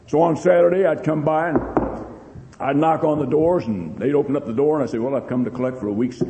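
A man's voice: a little high, steady tone, fast, mellow. A man preaching a sermon, telling a story with lots of repeats and strong rising and falling emphasis. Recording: long hall reverb.

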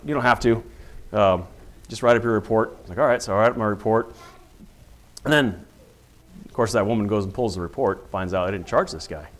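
Earnest middle-aged man telling a story. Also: lowish voice. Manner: earnest storytelling, acting out quoted dialogue. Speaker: police officer. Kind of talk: personal testimony with faith reflection.

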